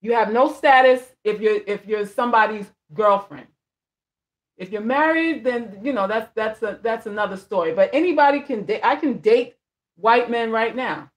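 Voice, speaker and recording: Blunt, emphatic woman with a higher voice. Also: lively intonation, moderate pace. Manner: reads viewer comments aloud and answers them. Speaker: vlogger and life coach. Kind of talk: casual livestream chat.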